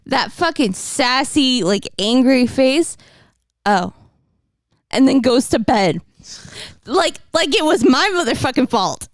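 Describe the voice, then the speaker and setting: A woman telling a story in casual chat, animated, laughing often and swearing freely. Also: high-pitched, unhurried, dry recording.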